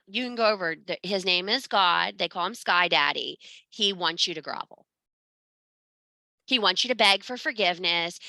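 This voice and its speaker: A woman's voice: mid-range voice, pushed and bright, dry recording. A woman giving an informal spiritual talk in a blunt, emphatic and profane way. She speaks as a parent. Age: adult parent.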